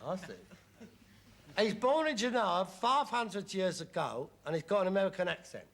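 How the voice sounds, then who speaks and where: An actor playing a sarcastic, mocking middle-aged son in a sitcom scene. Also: male voice, high-pitched, expressive, moderate pace. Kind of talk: 1970s sitcom acting.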